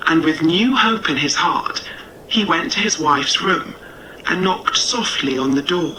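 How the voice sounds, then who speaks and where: A man narrating a storybook tale in a measured, gentle way. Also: a little high, animated, far from the mic, a little hiss or hum, poor audio.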